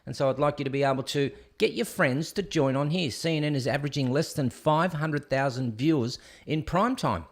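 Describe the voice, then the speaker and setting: A man's voice: fairly high pitch, fairly quick, few pauses. A man hosting a live stream show. He rants with sarcasm and talks straight to his viewers. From Australia. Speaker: host. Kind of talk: opinionated live-stream commentary.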